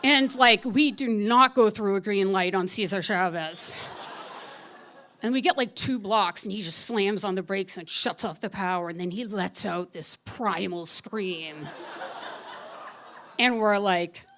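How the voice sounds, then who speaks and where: A woman telling a true story on stage at a live story slam, lively and wry, often laughing as she talks. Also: medium pitch, a little slow.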